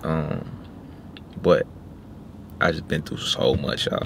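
Slow and gravelly, his bass voice belongs to a Little Rock, Arkansas vlogger in his 20s. He addresses viewers casually and thoughtfully with slang, recorded in a noisy car.

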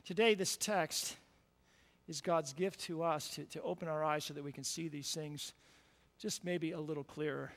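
A male pastor preaching a conversational sermon, repeating words and checking in with "right?", moving between quiet and loud emphatic passages. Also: fairly high pitch, steady tone, moderate pace, big-room sound. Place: church sanctuary.

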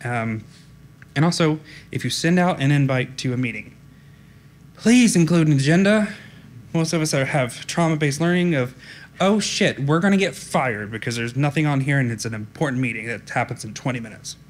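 A man giving a conference talk in a flat, direct, informal way, often saying "um". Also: medium pitch, brisk, a little hiss or hum. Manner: direct, informal, frequent ums. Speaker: conference speaker. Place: conference room.

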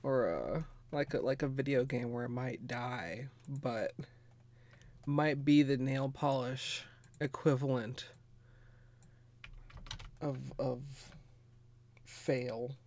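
A woman streaming nail art, chatting casually and ramblingly with viewers while a bit under the weather, clearing her throat now and then. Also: extremely low pitch, slow pace, pauses often, darkish tone. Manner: rambling, chatty, greets viewers, frequent laughs and fillers. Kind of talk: casual livestream chat.

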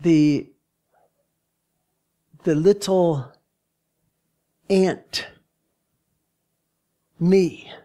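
A male pastor giving a sermon in a church, halting and repeating words as he searches for his phrasing. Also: fairly high pitch, warm tone. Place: church sanctuary.

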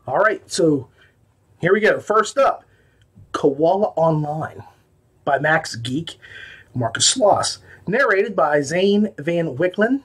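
A man talks through his audiobook reviews in a loose, unscripted way, circling back on himself and padding with fillers. His voice sits a little higher than most men's. It's easygoing podcast chatter rather than polished delivery. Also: lively intonation, takes it slowly, fairly bright tone, slightly rough. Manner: rambling, with many fillers and restarts. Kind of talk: casual spoken review.

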